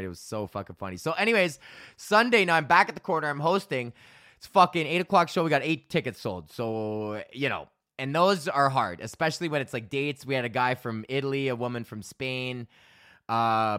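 A man's voice: mid-range voice, fairly bright tone, clear, resonant tone, dry recording, studio quality. A young man hosting a podcast, telling loose, profane stories in a rambling casual monologue. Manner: loose, profane storytelling with laughs. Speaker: podcast host and comedian.

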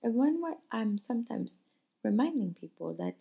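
A woman from northern Europe talks through a personal story on her podcast, earnest and heartfelt. Her voice is low-toned and mellow, with a gravelly fry and a husky edge. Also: big pitch swings, moderate pace. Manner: earnest, heartfelt retelling with acted-out quotes. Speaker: podcast host. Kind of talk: casual storytelling monologue.

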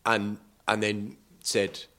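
A man telling a cycling trip story in a casual, animated way, acting out quotes and laughing often. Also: on the low side, takes it slowly. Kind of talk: casual storytelling over footage.

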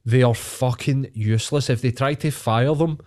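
A man's voice: medium pitch, moderate pace, a little mellow. A man with a Glaswegian Scottish accent, co-hosting a podcast in casual chat, ranting heatedly and swearing a lot. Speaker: podcast co-host.

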